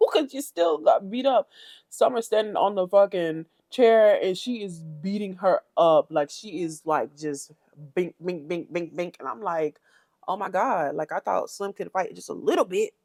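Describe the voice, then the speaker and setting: A woman's voice: measured pace, no room sound. Chatty woman recapping reality TV. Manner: chatty, animated, mimics cast members in high voices. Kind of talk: casual commentary recap.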